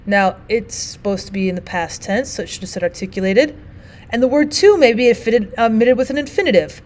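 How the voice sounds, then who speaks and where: A woman's voice: on the high side, a little fast, darkish tone. A woman teacher narrating a recorded language arts lesson, explaining and reading quotes aloud with emphasis.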